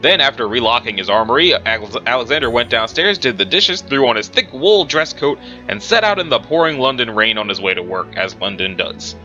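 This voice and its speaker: Animated man reading a story, bright voice, muffled recording with music under it. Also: medium pitch, a little fast, few pauses. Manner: chatty asides, self-corrections. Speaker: story reader.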